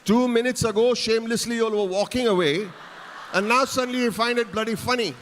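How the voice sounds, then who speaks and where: This keynote speaker has an extremely high, fairly bright voice, speaking quickly with fairly even intonation as he playfully teases the crowd from a large conference stage. A little hiss or hum comes through the reverberant hall sound.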